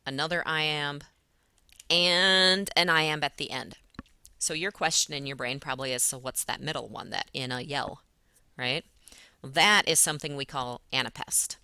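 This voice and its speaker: A woman's voice: low voice, sharp tone, dry recording. A woman teacher patiently walking students through a poem step by step in a recorded lesson. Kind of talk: recorded lesson explaining poetry.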